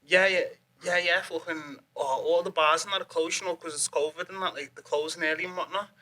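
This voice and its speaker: A man putting on an excitable young Liverpool lad. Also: fairly high pitch, brisk, voice pushed up. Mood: excited.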